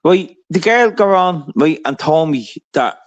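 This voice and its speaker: A man's voice: a little high, animated, a little slow, muffled recording. A man with a Scottish accent hosting a live stream, pressing with the same questions again and again and stumbling over his words. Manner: pressing, repetitive questioning, stammering restarts. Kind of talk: heated live-stream argument.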